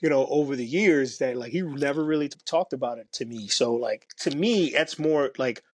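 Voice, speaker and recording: Halting male documentary director. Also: mid-range voice, no room sound. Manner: halting, many restarts and fillers. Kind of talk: casual podcast conversation.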